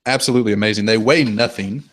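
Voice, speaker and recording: A man's voice: fairly low pitch, fast. Joking man hosting a webinar. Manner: joking, relaxed. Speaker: webinar host. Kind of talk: casual webinar chat. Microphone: video call.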